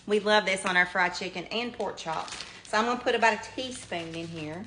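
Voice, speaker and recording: With oil sizzling in the pan, a Southern woman in middle age walks viewers through a home cooking demo, chatty and down-to-earth, addressing them as y'all. She talks briskly in a mid-range voice that sounds pushed and bright, over slight background noise.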